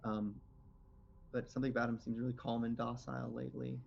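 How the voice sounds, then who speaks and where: A man acting as game master for a tabletop game, chatty and relaxed with many fillers. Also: medium pitch, quick pace, vocal fry, slight background noise. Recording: slightly dull lo-fi audio.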